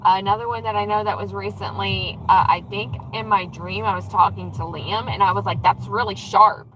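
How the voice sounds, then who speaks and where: Woman vlogger mid-drive, casual and profane, lively storytelling, light car noise. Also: mid-range voice, brisk, low-quality recording. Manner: chatty, swears freely, animated re-enactments. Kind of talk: casual livestream chat while driving. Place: in a car in traffic. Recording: faint road noise and rattles.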